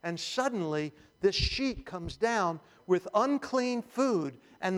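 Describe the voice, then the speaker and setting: A man's voice: sits high, expressive, slow pace, hardly any pauses, a bit bright. A male pastor preaching a sermon, telling the story with animation and humor, in a church hall. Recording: long hall reverb.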